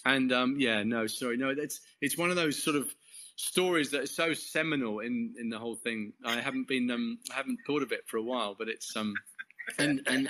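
A man's voice: mid-range voice, sharp tone, a little hiss or hum, low-quality recording. An English man, a course leader and interview guest, sharing a testimony in a rambling, self-correcting way with frequent chuckles. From England.

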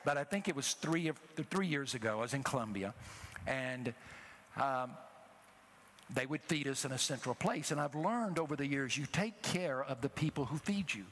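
A middle-aged man preaching a sermon, telling a personal story with emotion and rising to loud exhortations. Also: mid-range voice, animated, normal speed, slight background noise. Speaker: traveling preacher.

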